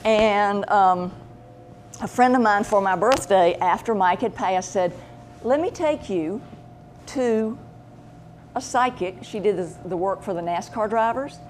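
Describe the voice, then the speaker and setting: A woman's voice: mid-range voice, a little slow, a little hiss or hum. A woman telling a personal story in a casual way, acting out the voices of the people she quotes. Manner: animated, acts out quoted voices. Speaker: pet medium, show host.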